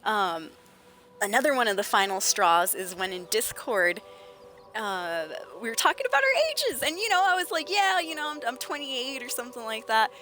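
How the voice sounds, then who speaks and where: A young woman streams a game and chats casually, bringing her stories to life by acting out the people she quotes. Her voice is bright and sits a little high. Faint game music plays underneath. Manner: animated storytelling, acts out the people she quotes. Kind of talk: casual livestream chat.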